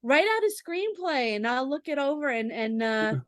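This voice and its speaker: A woman with a high voice chats in a bubbly, giggly way and fills her sentences with "like." The sound is dry and close to the mic. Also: big pitch swings, moderate pace, a bit bright, no room sound. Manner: bubbly, giggly, filler-heavy. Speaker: co-host. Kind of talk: casual planning chat.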